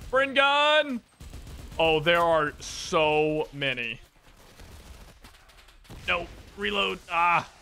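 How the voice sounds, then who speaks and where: A man commentating his own shooter gameplay, excitable and reactive, with game gunfire behind him. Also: on the high side, drawn-out words, vocal fry, long pauses. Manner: excitable, reactive, jokey, exclaims often. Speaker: gaming channel host. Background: gunfire and explosions from the game.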